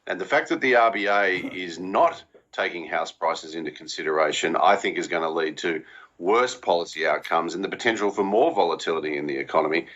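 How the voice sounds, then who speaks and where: Very deep-voiced man, dull lo-fi sound. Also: fairly quick. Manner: steady, explanatory, firm opinions. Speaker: economist guest. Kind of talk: measured expert commentary. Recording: dull lo-fi audio.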